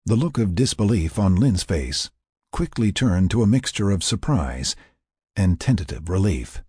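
A low-pitched man reads a story aloud with lively, swinging intonation. His tone is very husky and breathy, recorded close in a dry space. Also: a little slow, no room sound. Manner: expressive, storytelling. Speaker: narrator. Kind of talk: audiobook narration.

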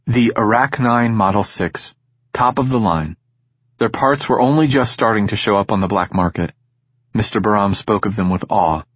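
A man narrating a science fiction audiobook in measured, steady storytelling. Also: on the low side, slightly rough, no room sound, muffled recording. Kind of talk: scripted narration.

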